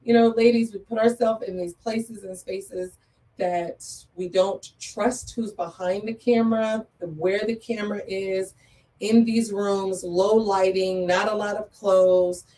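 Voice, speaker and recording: Earnest lady guest, lowish mellow voice, keeps repeating stuff for emphasis, kinda far from the mic. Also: fairly even intonation, measured pace. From Metro Atlanta area. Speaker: guest, photographer and business owner. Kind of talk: interview talk.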